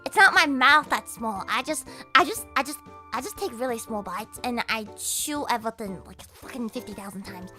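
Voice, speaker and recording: A woman's voice: fairly high pitch, moderate pace, sharp tone, soft background music. A woman VTuber streamer ranting casually, giggly and rambling, swearing constantly.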